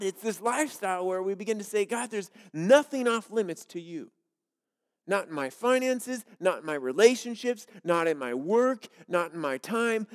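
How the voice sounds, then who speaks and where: A man's voice: high voice, lively intonation, moderate pace, big-room sound. A male pastor giving a sermon, earnest and repetitive, with joke illustrations. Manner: earnest, repeats key phrases, tells jokes as illustrations.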